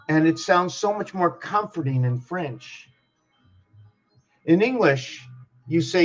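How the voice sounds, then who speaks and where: A man's voice: on the high side, expressive, takes it slowly, faint music behind. A man giving a musing spiritual monologue who talks ponderously and asks himself questions aloud. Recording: dull lo-fi recording.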